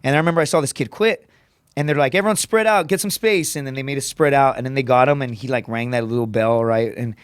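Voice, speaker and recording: A man's voice: little pitch movement, smooth, no echo, clean studio sound. A man telling blunt, profane stories on a podcast, peppering them with "dude" and "right?" and acting out other people's voices. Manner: profane, rapid storytelling with frequent "dude" and "right?"; acts out quoted voices with raised pitch. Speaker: podcast guest, comedian. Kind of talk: casual podcast storytelling.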